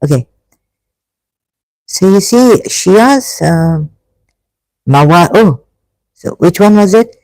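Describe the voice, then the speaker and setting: A vlogger talking through an emotional personal monologue, halting and sighing, with frequent restarts, stopping to read passages aloud. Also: mid-range voice, lively intonation, a little mellow, no room sound, low-quality recording. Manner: reads passages aloud between remarks.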